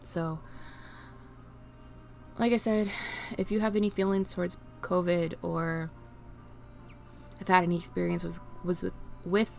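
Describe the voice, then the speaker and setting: A woman vlogging unscripted while grieving, near tears, pleading and halting with restarts. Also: lowish voice, fairly even intonation, creaky, a little mellow, faint music behind. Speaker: streamer and vlogger. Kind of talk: unscripted emotional vlog.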